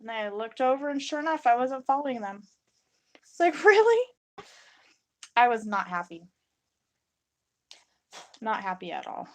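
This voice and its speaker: Speaking at a moderate pace with long pauses, this young woman has a voice on the high side, recorded dry. She rambles casually while live-streaming resin crafts, responding to viewer comments she reads aloud and voicing her own reactions as small quotes.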